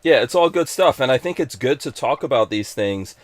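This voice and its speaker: A man's voice: medium pitch, lively intonation, a little fast, no echo. A man hosting a live podcast stream, chatting casually in an upbeat, joking, rambling way. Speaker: podcast host.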